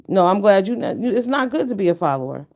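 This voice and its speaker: A woman's voice: medium pitch, big pitch swings, quick pace, darkish tone. A middle-aged woman chatting to her viewers, telling a story in a blunt, profane, emphatic rant. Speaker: YouTuber. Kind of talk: casual chat to viewers.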